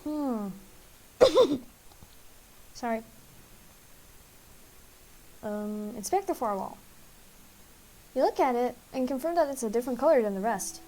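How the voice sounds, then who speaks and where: A woman's voice: on the high side, a little mellow, slight background noise, low-quality recording. A woman streamer reading a text game aloud and thinking through its puzzles in a hesitant, musing way.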